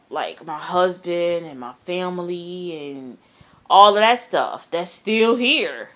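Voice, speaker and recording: A woman telling a personal dream story in a casual, earnest way, halting and repeating herself, often trailing off softly. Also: on the low side. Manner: earnest, emphatic about the terror.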